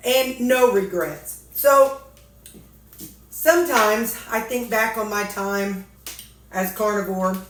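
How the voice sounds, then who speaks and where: A woman's voice: mid-range voice, takes it slowly, pauses often, a bit bright, reverberant. A woman with a Missouri accent, chatting and joking casually while eating, talking with her mouth full. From Missouri, USA. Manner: folksy, joking, talks with a mouthful. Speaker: weight-loss vlogger.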